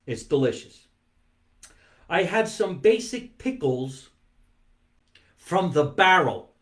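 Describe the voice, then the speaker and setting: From his home basement, a man hosts a live-streamed comic monologue, chatting playfully as he eats and drawing out words for comic effect. His voice is on the high side with a fairly bright tone.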